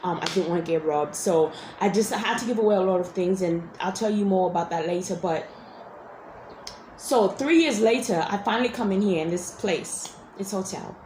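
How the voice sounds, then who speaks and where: Woman vlogger, rambling storyteller, mid-pitched voice, roomy echo with faint hiss. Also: moderate pace, darkish tone. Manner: rambling, full of restarts and asides. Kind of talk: casual storytelling vlog. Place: hotel room.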